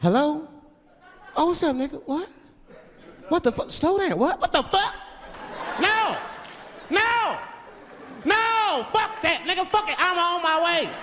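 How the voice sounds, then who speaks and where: A man voicing a frantic male driver yelling into his phone in disbelief, recorded live before a crowd. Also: very high voice, lively intonation, normal speed, pauses often, pitched above the performer's own voice. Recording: live hall with crowd noise.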